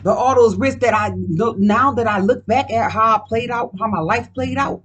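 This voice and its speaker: A woman's voice: a little high, moderate pace, husky. A woman doing a casual card reading at home, talking in a profane, emphatic, rambling way. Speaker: card reader.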